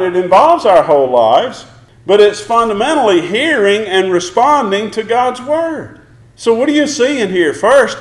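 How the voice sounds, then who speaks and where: A man preaching a sermon, emphatic, asking the congregation one question after another. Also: sits high. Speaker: pastor. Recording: roomy echo.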